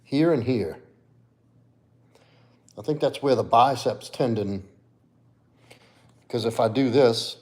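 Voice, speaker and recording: A man of medium pitch talks slowly, pausing often, his voice a little mellow. He's a fitness coach hosting a laid-back livestream, replying to viewers in the chat and speaking to his dog.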